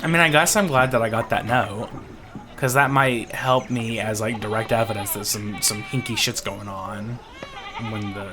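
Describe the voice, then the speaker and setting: A man's voice: on the low side, normal speed, noisy background. A man giving casual, joking, profane commentary while playing a story game. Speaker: streamer playing a narrative game.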